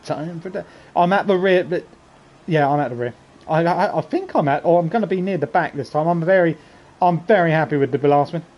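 A man's voice: a little high, brisk, muffled recording. A man streaming a racing game live, chatting to viewers and crying out when he crashes. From England. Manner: excitable, chatty, cries out at crashes. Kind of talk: live gameplay commentary. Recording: game engine noise behind voice.

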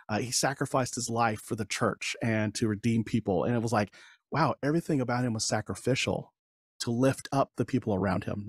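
Animated man telling a story. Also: medium pitch, no echo, studio quality. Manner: animated, acts out quoted dialogue, laughs often. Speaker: podcast guest. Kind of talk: casual interview storytelling.

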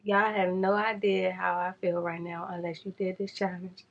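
A woman chatting to viewers in a casual makeup challenge vlog, flustered and rushing against a timer. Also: on the low side, level tone, creaky, lo-fi sound, slight background noise. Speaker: beauty vlogger.

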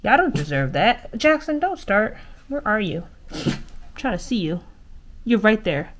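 A woman's voice: mid-range voice, sing-song, unhurried, a bit bright. A woman vlogging casually while grooming her dog, chatting to her viewers and her pet. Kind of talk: casual chat to camera. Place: inside a converted bus.

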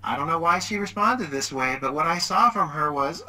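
A man's voice: on the high side, heavy background noise. A middle-aged man giving a webinar presentation, telling a story animatedly. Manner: animated, acts out quoted voices.

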